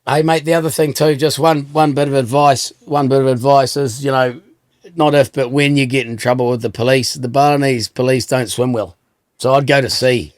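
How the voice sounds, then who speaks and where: A middle-aged man hosts a relaxed chat and tells cheeky, dry-humoured stories, swearing freely. His voice sits at a middling pitch and the sound is dry and close. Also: brisk, no room sound. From New Zealand. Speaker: host. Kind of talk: casual chat.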